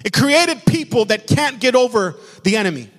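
A man's voice: very high voice, very animated, moderate pace, fairly bright tone. A man pastor preaching a sermon with passion, repeating key lines for emphasis. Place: church sanctuary. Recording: long hall reverb.

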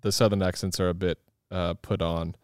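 A man reflecting on a film in a casual podcast chat, pausing and searching for words. His voice sits low and comes across smooth and clear. Recorded close and dry. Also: little pitch movement, no room sound. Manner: thoughtful, halting, with frequent "um" and "like". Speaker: podcast co-host. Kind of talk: casual movie discussion.

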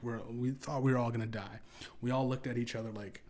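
A man's voice: mid-range voice, fairly even intonation, a little fast, a little mellow. A young man hosting a podcast, telling an absurd comedic story in a casual, profane, rambling way with lots of restarts. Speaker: podcast host.

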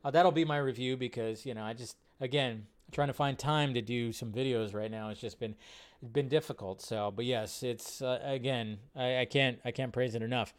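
A man's voice: medium pitch, fairly even intonation, moderate pace, clear, resonant tone. A man hosting a live movie news stream, talking casually and rambling as he reads out viewer comments.

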